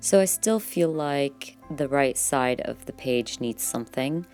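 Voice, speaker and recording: A woman vlogger narrating her journaling process in a relaxed, chatty voice-over, full of fillers and quick self-corrections. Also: extremely low pitch, faint music behind.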